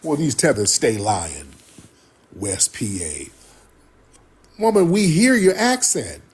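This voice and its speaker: A man's voice: mid-range voice, huge pitch swings, slow, a little mellow, slight background noise. A man hosting a livestream, giving heated, blunt, profane commentary to his viewers. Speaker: livestream host.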